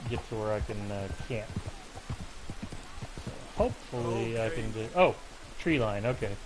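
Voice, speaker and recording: A man's voice: fairly low pitch, unhurried, background noise. Chatty man streaming a game at home. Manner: chatty, rambling, breaks off to coo at his pet. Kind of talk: casual live gameplay commentary. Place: at home with his cat. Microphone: personal mic close to him.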